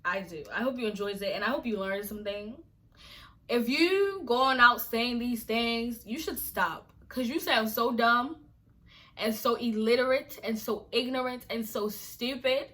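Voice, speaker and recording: A woman's voice: on the high side, a little slow, sharp tone. A young woman from Africa, a vlogger talking straight to camera in an exasperated, emphatic rant that sometimes drops to a whisper. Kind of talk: casual vlog rant to camera.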